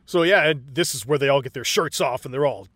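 A man co-hosting a casual film chat, excited and profane, acting out movie lines as he retells scenes. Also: mid-range voice, fast, dry recording. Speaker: podcast co-host.

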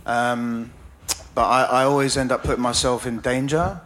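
A man's voice: mid-range voice, steady tone, normal speed, fairly bright tone. Rambling, laughing male storyteller. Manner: rambling, self-deprecating, stammering restarts, laughing often. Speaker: journalist and author guest. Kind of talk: casual anecdote in conversation.

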